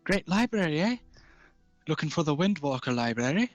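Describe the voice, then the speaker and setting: Tiny gnome shopkeeper, chirpy and high, a man putting him on, in a dry close room. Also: sing-song, normal speed, no room sound, dull audio, soft background music. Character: small gnomish male bookseller, chirpy.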